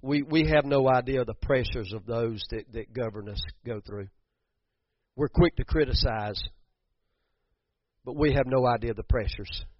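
A man's voice: mid-range voice, unhurried, pauses often, no room sound. A man preaching a sermon, building to emphatic bursts and repeating words as he goes. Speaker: pastor. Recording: dull muffled sound, dry.

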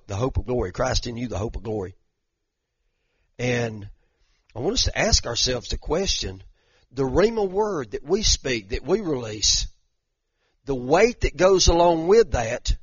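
An older man, teaching a conversational sermon as a pastor in a folksy, animated way that rises to emphatic bursts. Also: mid-range voice, moderate pace, slightly rough, dry recording, muffled recording. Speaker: pastor teaching a Bible study.

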